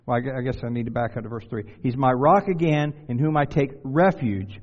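A man's voice: medium pitch, brisk, muffled recording. Conversational male preacher in a reverberant hall. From Delaware, USA. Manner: conversational, asks the congregation questions, self-deprecating humor. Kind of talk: sermon.

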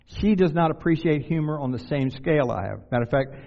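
A man's voice: a little high, expressive, fast, vocal fry, a little mellow, highs cut off. Conversational male preacher in a reverberant hall. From Delaware, USA. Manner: conversational, asks the congregation questions, self-deprecating humor. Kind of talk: sermon.

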